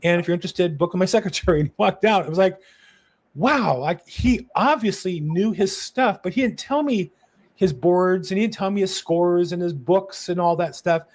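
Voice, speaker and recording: A man hosts a conversational interview over a video call, chatty and quick to agree. He laughs easily and tells personal stories. His voice sits slightly high. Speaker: interview host.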